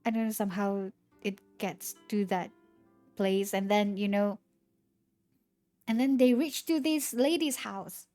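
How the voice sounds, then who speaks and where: Slow-talking young woman streamer. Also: medium pitch, mellow, faint music behind. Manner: halting, rambling retelling with many restarts. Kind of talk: casual chat to stream viewers.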